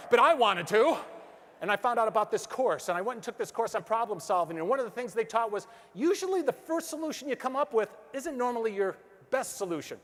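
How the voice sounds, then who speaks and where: High-voiced motivational speaker in a hall. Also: male voice. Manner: energetic storytelling, acts out quotes, asks the crowd questions. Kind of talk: motivational stage speech. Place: large hall with an audience. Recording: hall reverb from a stage.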